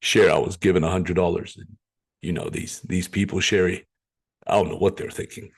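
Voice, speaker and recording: A man voicing a baffled man who rambles to his friend on the phone in a low, drawn-out voice. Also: steady tone, gravelly, slightly rough, heavily acted. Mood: bewildered.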